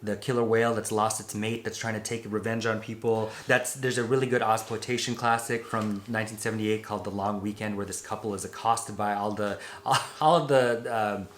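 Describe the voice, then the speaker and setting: A man's voice: on the low side, steady tone, brisk, hardly any pauses, roomy sound, slight background noise. A man co-hosting a film review podcast, opinionated and casual, citing older films. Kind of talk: casual chat.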